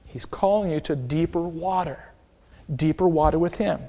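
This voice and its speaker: A man's voice: a little high, moderate pace, warm tone. A male pastor preaching an emphatic sermon and calling out for an amen.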